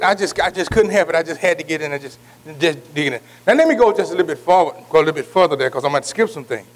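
High-voiced preacher, folksy. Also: male voice. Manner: folksy, repetitive, calls out to listeners by name. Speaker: Bible study teacher. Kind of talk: informal preaching Bible study.

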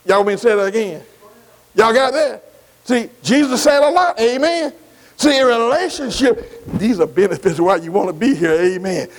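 Slowly and with emphasis, a preacher repeats key words, asks the congregation questions, and marks his lines with amens. He has a high voice, heard through poor audio.

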